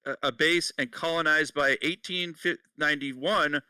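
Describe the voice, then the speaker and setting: Bright-voiced man on a headset. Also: a little high, measured pace, clean tone, dry recording, far from the mic, rough recording. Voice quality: bright, laughing, profane. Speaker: podcast co-host. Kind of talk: casual podcast chat.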